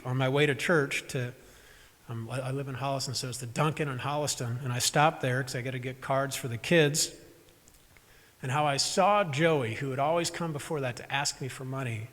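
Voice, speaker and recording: Man, pastor, conversational sermon, husky voice, long church reverb. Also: mid-range voice, a bit bright. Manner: conversational, self-deprecating, with asides to the congregation. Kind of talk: storytelling sermon. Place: church sanctuary during a live service. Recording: echoey church hall.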